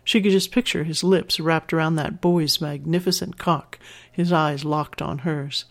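A narrator reading an adult story aloud with steady, measured pacing. The voice sits in an ordinary middle pitch.

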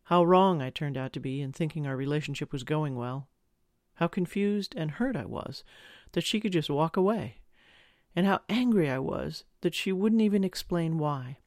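A man tells a first-person story in a confessional, wry way, his voice a touch high for a man. The close mic makes the read dry, with no room sound at all. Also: lively intonation, moderate pace, darkish tone, dry recording. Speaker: audiobook narrator.

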